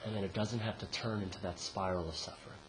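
A man's voice: fairly even intonation, fast, background noise. Man giving a casual dharma talk. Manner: conversational, frequent "right?" tag questions; laughs and rises in pitch when telling a joke.

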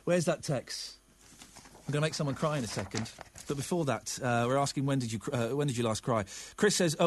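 A man's voice: mid-range voice, fairly quick, a little hiss or hum. A middle-aged English man hosting a casual radio phone-in, chatting and reading listeners' texts with open emotion.

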